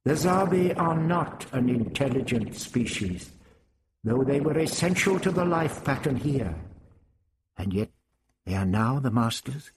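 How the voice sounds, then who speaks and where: A man voicing a winged male alien with a high-pitched, stilted way of speaking, slow and grave. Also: animated, a little hiss or hum, lightly acted.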